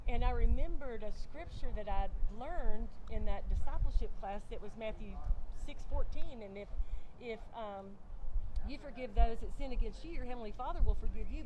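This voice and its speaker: A woman's voice: on the high side, normal speed, noisy background. A woman guest sharing a personal faith testimony in conversation, earnest, often acting out her own past dialogue. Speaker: interview guest. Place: outdoors on a bench.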